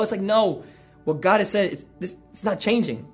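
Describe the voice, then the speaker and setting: A male pastor delivers an energetic, conversational sermon and drives his points home by repeating them. His voice sits high for a man. Soft instrumental music plays quietly underneath. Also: normal speed.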